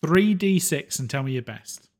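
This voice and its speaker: A man narrating and running a tabletop game as game master, with many fillers and pauses. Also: on the high side, expressive.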